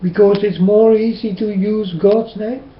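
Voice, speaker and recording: A Dutch-accented man preaches in a slow, earnest monologue, stopping often and asking the same questions again and again. His voice sits fairly high for a man. The sound is roomy and a little dull, like a lo-fi home recording. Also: steady tone. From Netherlands. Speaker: religious vlogger.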